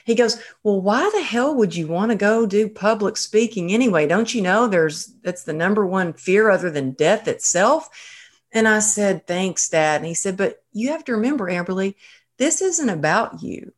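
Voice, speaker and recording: A woman hosting an interview, telling lively stories and acting out the people she quotes. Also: mid-range voice, normal speed. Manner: lively anecdotal storyteller, acts out quoted voices. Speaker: podcast host. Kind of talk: casual storytelling in an interview.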